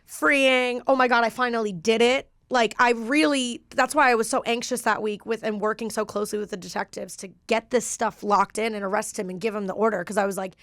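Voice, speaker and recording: A woman's voice: a little high, steady tone, brisk, hardly any pauses, fairly bright tone, dry recording, clean studio sound. A woman guest, a stand-up comedian, chatting casually and telling a personal story with lots of fillers and laughs.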